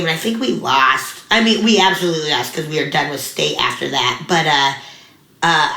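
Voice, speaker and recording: A young woman comedian telling stories in a casual interview, animated and full of fillers, acting out the voices of others. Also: low-pitched, gravelly. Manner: animated, many fillers, acts out quoted voices. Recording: echoey room.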